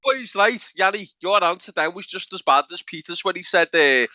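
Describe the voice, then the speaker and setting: A man's voice: sits high, expressive, moderate pace, pushed and bright, no echo, studio quality. A young man with a Scouse accent arguing and teasing his mates on a podcast, calling everyone "lad". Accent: Liverpool Scouse. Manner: argues, says "lad" constantly, teasing. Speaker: podcast co-host. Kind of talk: argumentative casual banter.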